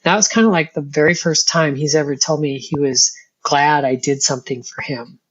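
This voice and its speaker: A woman's voice: sits low, steady tone, normal speed, husky. A woman telling her personal story as an interview guest, candid and earnest, often breaking into a laugh. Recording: dull lo-fi sound.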